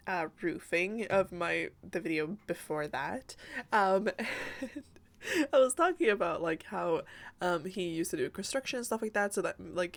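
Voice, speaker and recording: Young woman, casual rambling voice-over, giggly, fillers, home mic. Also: lowish voice. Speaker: Sims builder and YouTuber. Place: home room by day.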